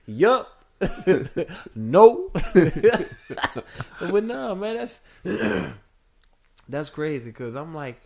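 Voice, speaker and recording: Animated man rambling on a podcast. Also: sits high, extremely slow, vocal fry, long pauses. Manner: animated, rambling, laughs often, playful. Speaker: podcast co-host. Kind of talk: casual chat.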